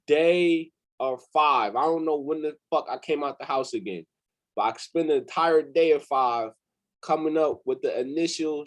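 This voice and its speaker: Animated young man telling a story. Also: medium pitch, poor audio. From New Jersey. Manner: animated, swears freely, acts out quotes. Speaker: interview guest, company founder. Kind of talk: casual storytelling.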